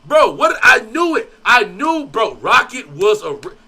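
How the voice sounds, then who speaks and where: Male streamer, high lively voice with gravel and a bright edge, loud and excitable. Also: a little slow. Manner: loud, swearing, laughing, jumps in over the clip. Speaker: streamer reacting to videos. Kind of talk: excited reaction commentary.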